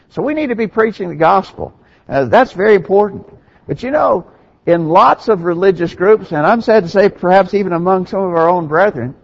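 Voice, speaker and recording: A man's voice: high-pitched, lo-fi sound. A man preaching a sermon in an earnest, emphatic way, with conversational asides to the congregation.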